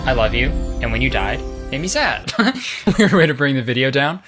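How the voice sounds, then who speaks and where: A man's voice: medium pitch, animated, moderate pace. Young male host, sarcastic and crude, over background music. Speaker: comedy commentary host. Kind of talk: comedic internet commentary.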